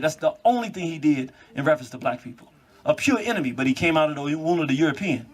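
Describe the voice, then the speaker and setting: A man giving an animated monologue, quick in bursts and laughing as he talks. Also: fairly high pitch.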